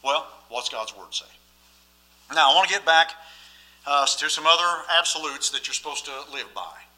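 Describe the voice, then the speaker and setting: A man's voice: fairly high pitch, expressive, normal speed, sharp tone, rough recording. A man preaching a sermon as pastor, emphatic and often asking the listeners questions.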